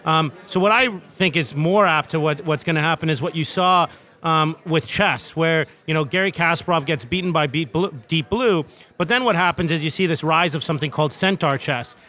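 Outdoors in a city, a man who co-founded a tech company gives keen interview answers, often restarting and using lots of fillers. His voice is on the high side, brisk and sharp.

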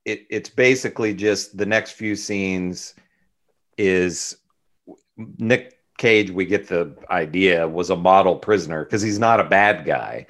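Guy with a lowish voice, easygoing movie podcast chat, dry jokes. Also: measured pace, a bit bright. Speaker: podcast co-host. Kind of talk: casual movie review chat.

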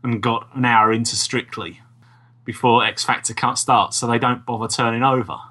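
A man co-hosting a podcast, calmly reasoning through points in casual chat. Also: medium pitch, moderate pace, slightly rough. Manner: reasoned, explains at length. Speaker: podcast co-host.

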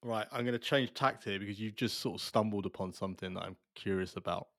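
Interview host guy, kinda low voice, questions ramble and double back, dry mic. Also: quick pace, a bit bright, no echo. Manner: long winding questions, restarts and corrects himself. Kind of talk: casual interview conversation.

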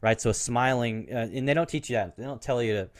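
A man's voice: mid-range voice, fairly quick. A man who is a guest on an interview show, telling stories casually and with energy. He laughs often and says "like" and "you know" a lot.

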